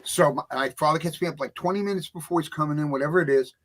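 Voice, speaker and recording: Husky man telling an animated story. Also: rapid-fire. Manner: acts out voices in his stories, big swings in pitch and loudness. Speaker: author and music producer guest. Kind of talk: animated storytelling in a talk show interview.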